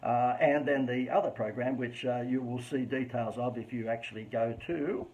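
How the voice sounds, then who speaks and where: A man's voice: mid-range voice, steady tone, normal speed, darkish tone, muffled recording. An Australian man hosting a casual live stream, coaching businesses on marketing in a chatty, joking, self-mocking way.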